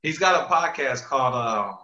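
A man chatting casually, retelling a story with animated quoting and plenty of swearing. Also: medium pitch, moderate pace. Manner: animated storytelling, retells quotes with lots of profanity. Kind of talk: casual chat. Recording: echoey room, dull lo-fi sound.

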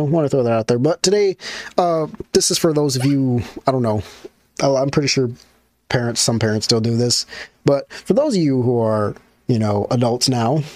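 A man hosting his own radio show, talking casually and rambling, restarting his sentences and climbing high in pitch when he gets worked up. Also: a little mellow, no room sound. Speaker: podcast host.

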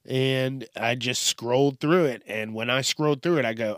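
A man's voice: medium pitch, moderate pace, no echo. Male podcast host, young, swearing and ranting through the news, dry booth sound. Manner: profane, ranting, sarcastic. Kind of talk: casual news commentary.

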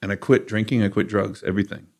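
A man's voice: lowish voice, fast, gravelly. A middle-aged man, a rock guitarist as guest, telling his story candidly in a studio, livening up when he acts out his own past words. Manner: candid, animated in quoted asides. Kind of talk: casual storytelling.

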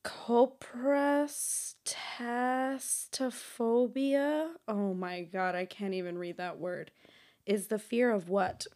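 A young woman vlogging alone through a quiz, chatting casually to viewers, thinking out loud, stumbling over hard words and often breaking into giggles. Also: on the low side, fairly even intonation, a little slow. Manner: giggly, bursts into loud laughter. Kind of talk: casual chat to camera.

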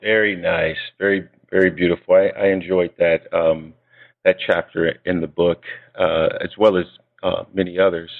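A man's voice: low voice, level tone, moderate pace, creaky. A man interviewing an author on the radio, speaking hesitantly and often repeating words. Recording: tinny phone-line radio audio.

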